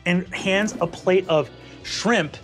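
A man narrating as game master of a tabletop game, animated and quick to laugh. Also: sits high, over music. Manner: animated, lively, breaks into laughter.

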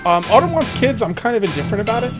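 A man's voice: sits high, very animated, racing, over music. Chatty young man streaming a game. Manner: rambling, reads chat aloud, laughs often. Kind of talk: casual live-stream chat.

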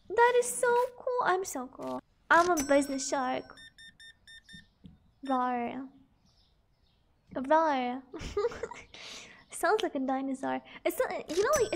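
A woman's voice: sits high, animated, normal speed, creaky, slight background noise. A young woman streaming a game, chatting casually, greeting viewers with giggles and reading out prices as she plays. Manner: bubbly, giggly, greets chat and reads numbers aloud. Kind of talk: casual live-stream chat while gaming.

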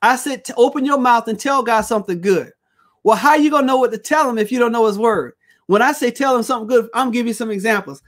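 A man's voice: very high-pitched, fast talker. A male pastor teaching a Bible study, preaching with call-and-response phrases and reading scripture aloud.

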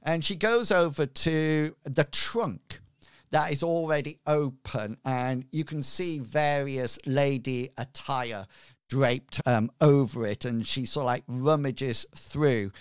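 A man narrating a tabletop game as game master, in an unhurried, rambling way with many "sort of, like" fillers. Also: mid-range voice, smooth, no echo, studio quality.

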